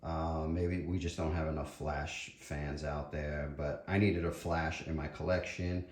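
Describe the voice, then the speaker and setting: A man's voice: extremely low pitch, flat delivery, measured pace. A man with a New York accent giving an enthusiastic, rambling tour of his collection room at home. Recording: echoey room.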